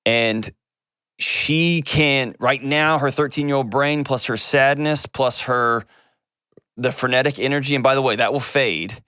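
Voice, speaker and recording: A man, hosting an advice call-in show and answering a caller in an earnest, gentle way. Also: mid-range voice, a little slow, clean tone, dry recording, clean studio sound. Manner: earnest and gentle, shifts pace often.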